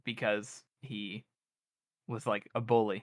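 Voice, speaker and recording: A man's voice: on the low side, flat delivery, slow pace, no echo, studio quality. A man co-hosting a casual book podcast. He pushes back on points and corrects details. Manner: argumentative, makes counterpoints. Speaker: podcast co-host. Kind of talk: casual book-discussion chat.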